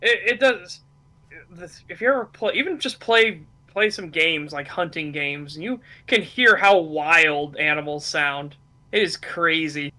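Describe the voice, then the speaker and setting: A man speaking English with a Norwegian accent, his voice sitting high and sounding bright and forceful. He chats casually with friends and laughs easily as he tells stories, his first language clearly Norwegian. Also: a little slow. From Norway. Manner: animated, laughs while telling stories. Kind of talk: casual chat.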